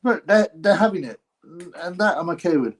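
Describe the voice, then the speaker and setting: A man's voice: sits high, expressive, moderate pace, slightly rough. A man hosting a live stream, giving blunt, mocking commentary on a boxing match and reading out chat comments. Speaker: livestream host reacting to a boxing fight.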